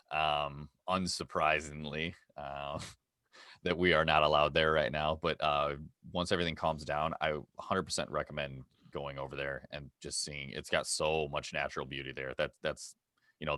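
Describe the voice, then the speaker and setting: A man co-hosting a travel podcast in loose casual chat, pausing often with fillers and restarts. His voice is very low with a bright, forceful edge, recorded dry and close. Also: steady tone, no echo. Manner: halting, many fillers and restarts. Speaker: podcast co-host.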